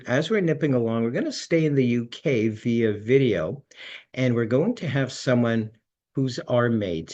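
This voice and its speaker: A man's voice: mid-range voice, a little mellow, highs cut off. A man hosting an online magic show, chatting casually and introducing each act. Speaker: host.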